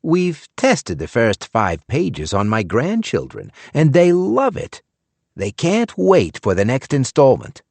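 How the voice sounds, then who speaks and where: A man's voice: medium pitch, wildly swooping pitch, slow pace, a little mellow, no echo, voice pushed up, exaggerated voice. A male audiobook narrator playing a shrunken, smug elderly lawyer who boasts about his young wife. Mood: boastful. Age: older.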